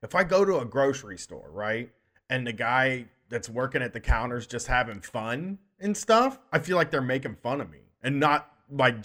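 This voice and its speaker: A man's voice: mid-range voice, a bit bright. A man co-hosting a comedy podcast, telling rambling stories with frequent swearing and laughter. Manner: rambling storyteller, swears often, laughs a lot. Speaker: podcast co-host. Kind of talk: casual comedic chat.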